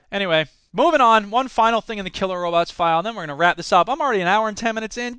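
A man's voice: high-pitched, very fast, few pauses, sharp tone, clean tone, no echo. A man hosting a podcast, reading news items aloud and mocking them with sarcastic, jokey asides. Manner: sarcastic, jokey, switches into silly voices. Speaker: podcast host. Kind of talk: casual solo commentary reading news.

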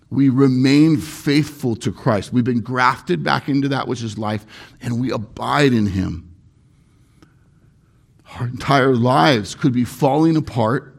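A pastor preaches a sermon with earnest emphasis, using repetition to hammer his points home. His gravelly, slightly husky voice sits at an ordinary middle pitch.

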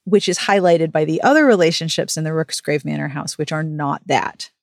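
A woman's voice: sits low, fairly quick, gravelly, no echo, studio quality. Frank woman recapping a book. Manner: frank, animated storytelling. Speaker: podcast host. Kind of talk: casual book recap chat.

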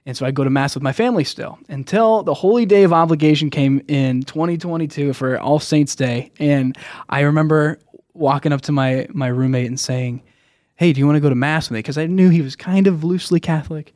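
A man's voice: on the high side, brisk, darkish tone, no echo. Young man, podcast guest, earnest storyteller, rambling, dry close mic. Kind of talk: personal faith story, casual.

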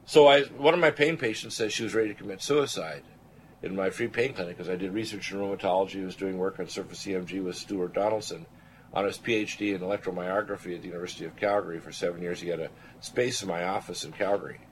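An older Canadian who hosts radio tells his own story at a quick pace in a low voice, with slight hiss or hum. His testimony is earnest and lively, and he acts out the voices of the people he cites.

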